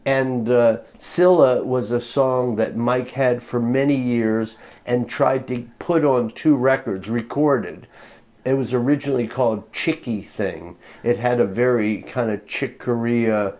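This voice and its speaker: A man's voice: medium pitch, measured pace. Guy in an interview, chatty composer, tells stories, voices his own quotes, laughs along. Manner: animated anecdotes, acts out quotes with laughter. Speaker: orchestrator and composer guest. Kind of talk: casual interview storytelling.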